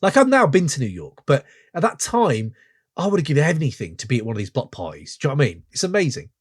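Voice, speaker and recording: A man's voice: a little high, huge pitch swings, breathy edge, dry recording, clean studio sound. A man hosting a podcast, chatting enthusiastically and meandering as he reviews a track. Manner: enthusiastic, meandering, quick to laugh. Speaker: podcast host. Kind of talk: casual track-review chat.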